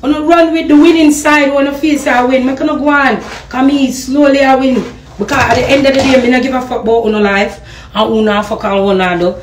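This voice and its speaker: Jamaican woman, high voice, heated live-stream rant, patois and cursing. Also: steady tone, brisk, slight background noise. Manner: ranting, repeated rhetorical questions; patois slang and profanity. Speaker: social media personality.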